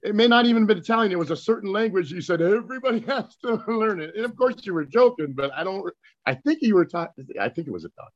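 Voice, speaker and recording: A middle-aged man talking as a podcast guest, halting and self-deprecating. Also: high-pitched, animated, highs cut off. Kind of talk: casual chat.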